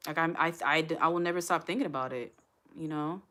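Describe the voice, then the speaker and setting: A woman talks straight to her livestream viewers in a chatty, emotional way. Her voice sits a little low, and she sounds close to tears. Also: fast talker, bright, forceful tone. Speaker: livestream host. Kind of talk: casual livestream chat.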